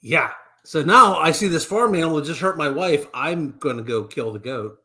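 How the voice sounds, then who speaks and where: A middle-aged man co-hosting a live stream, telling animated anecdotes in a casual chat. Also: a little high, moderate pace. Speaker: co-host of a real estate live stream.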